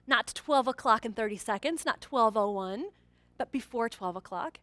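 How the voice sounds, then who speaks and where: A woman delivers a training keynote with a lively, swooping delivery, jumping into the voices of the people in her story. Her voice sits high and sounds bright. It comes across dry and close, with no room sound. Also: no echo. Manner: animated storyteller acting out quoted characters. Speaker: corporate trainer and keynote speaker.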